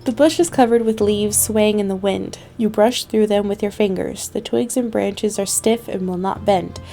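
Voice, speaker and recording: A woman's voice: mid-range voice, normal speed, creaky, warm tone, faint music behind. A young woman hosting a gaming video, reading the story text aloud with playful asides. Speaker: gaming channel host. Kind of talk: let's play narration.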